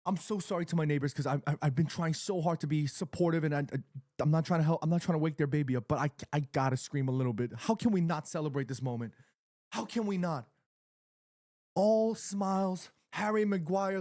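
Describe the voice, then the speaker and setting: Excitable man streaming a football watchalong. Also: on the high side, a little fast, no room sound, studio quality. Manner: excitable, emotional, slangy fan talk. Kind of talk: live stream commentary and fan chat. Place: home apartment with neighbors nearby.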